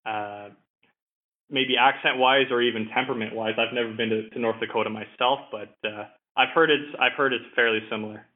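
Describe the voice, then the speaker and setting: Brisk and fairly even in intonation, a medium-pitched male voice belongs to an energy professional from Ottawa, Canada, guesting on a podcast. The conversational interview flows easily, though he leans on many fillers and repeats words, all heard through a tinny phone-like line.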